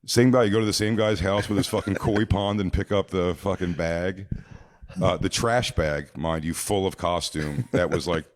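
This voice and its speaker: Low-voiced man telling crude stories. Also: steady tone, normal speed, dry recording, clean studio sound. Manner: crude, rambling anecdotes with frequent restarts. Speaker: podcast guest. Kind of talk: casual storytelling.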